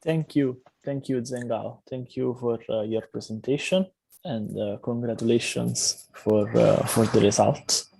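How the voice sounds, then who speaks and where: A man chairing a conference session, talking unscripted with halting restarts and fillers. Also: mid-range voice, gravelly, mellow, no echo. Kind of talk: hesitant unscripted discussion.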